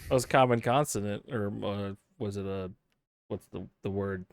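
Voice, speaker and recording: A man hosting a casual podcast chat, relaxed, laughing often and trailing off mid-thought. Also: on the low side, moderate pace, smooth, no room sound. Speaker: podcast host.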